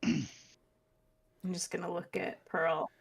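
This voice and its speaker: Gravelly-voiced woman playing a tabletop game. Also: lowish voice, flat delivery, slow pace. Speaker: player. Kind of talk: tabletop role-play, casual.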